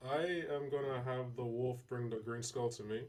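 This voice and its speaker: A man's voice: mid-range voice, moderate pace, a little mellow, faint music behind. A man playing a tabletop game, talking casually and a bit hesitantly. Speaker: player.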